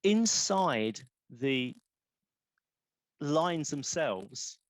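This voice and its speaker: A man's voice: a little high, big pitch swings, extremely slow, no room sound. A man, poet in residence, giving a rambling, self-correcting online talk on poetry forms over a video call.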